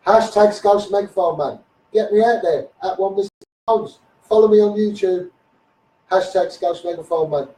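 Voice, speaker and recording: A man's voice: sits high, normal speed, mellow, reverberant, distant mic, slight background noise, low-quality recording. A middle-aged man with a Liverpool accent, ranting bluntly at officials on a live stream and swearing as he goes. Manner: blunt, combative, swearing, addressing officials directly. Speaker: social media campaigner. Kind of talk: angry Facebook Live rant.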